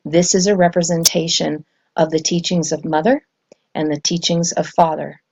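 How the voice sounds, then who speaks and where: A woman giving a spontaneous scripture lesson, earnest and excited, with frequent ums and self-corrections. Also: lowish voice, normal speed, gravelly, husky. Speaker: spiritual teacher. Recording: dull lo-fi sound.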